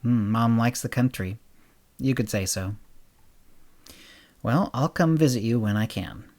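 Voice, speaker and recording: A man hosting a podcast and narrating a short story, raising his voice for the characters' dialogue and dropping it low and quiet for the narration. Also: expressive, unhurried.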